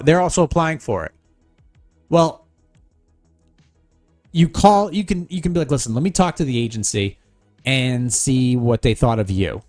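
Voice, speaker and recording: A man's voice: a little high, darkish tone. A man hosting a solo podcast, giving blunt, sarcastic advice full of swearing. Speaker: podcast host.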